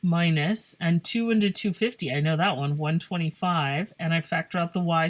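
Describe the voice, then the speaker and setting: A woman's voice: lowish voice, normal speed. A woman teaching a math lesson in a playful, joking way, thinking aloud as she works through problems. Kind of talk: casual classroom lesson. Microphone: phone camera over paper.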